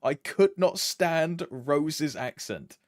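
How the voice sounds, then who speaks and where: Brief: slow, laid-back British man with a British accent, lively pitch, casual stream chat. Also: no room sound, studio quality. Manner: laid-back, lots of laughing asides.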